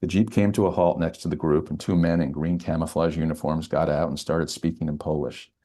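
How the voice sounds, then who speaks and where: A man, a novelist, reading a passage from his own thriller aloud in a steady, measured way. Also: extremely low pitch.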